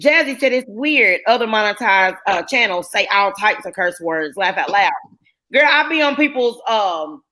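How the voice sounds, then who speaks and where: A woman's voice: mid-range voice, lively intonation, normal speed, pushed and bright. A woman hosting a casual live-stream panel. She tells stories in a chatty way and acts out the lines she quotes.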